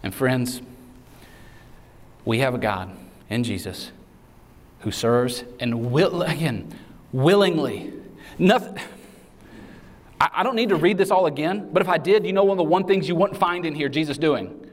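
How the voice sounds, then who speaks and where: A man preaching a sermon in a relaxed, conversational way, mixing casual asides with acted-out quotes. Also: fairly high pitch, unhurried, long pauses. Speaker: pastor. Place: large hall. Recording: reverberant hall sound.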